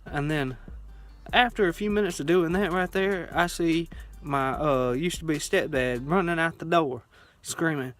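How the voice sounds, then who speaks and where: A man's voice: fairly high pitch, moderate pace, a bit bright, dry recording, faint music behind. A young man, telling stories to camera in a rambling, drawling way with many fillers and restarts. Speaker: vlogger. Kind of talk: casual storytelling to camera.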